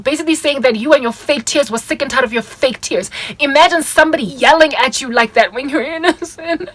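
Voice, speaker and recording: A young woman with a South African accent speaks in a slightly high voice, earnest and confiding as she tells a personal story. The sound is close and dry, with little room in it. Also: brisk, few pauses, a bit bright, no echo, poor audio. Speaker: vlogger. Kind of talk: personal testimony vlog.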